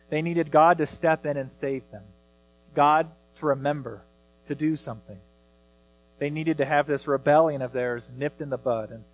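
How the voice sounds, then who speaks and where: A man in his thirties preaching a sermon as pastor, earnest, rising loud when he reads scripture. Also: a little high, rough recording.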